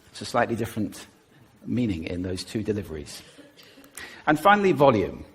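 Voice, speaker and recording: A man giving a stage talk in an animated way, demonstrating voice techniques as he speaks. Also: on the low side, moderate pace, pauses often, slight background noise. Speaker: public speaker.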